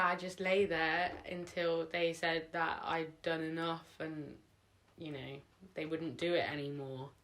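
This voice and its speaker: A young woman vlogging at home, telling a personal story in a rambling, emotional way, full of "like" and "sort of". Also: on the low side. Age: young adult. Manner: emotional, sometimes tearing up.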